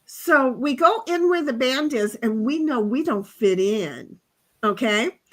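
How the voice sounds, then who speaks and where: A woman in her fifties, hosting a livestream and telling stories in casual chat, animated and frank, swearing and restarting her sentences. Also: sits high, slow. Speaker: livestream host.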